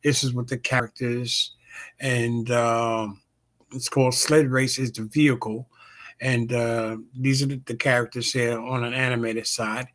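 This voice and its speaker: Male host, casual halting delivery, ordinary mid-range voice. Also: mid-range voice, a bit bright. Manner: halting, many fillers and restarts. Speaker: talk show host. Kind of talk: casual promo chat.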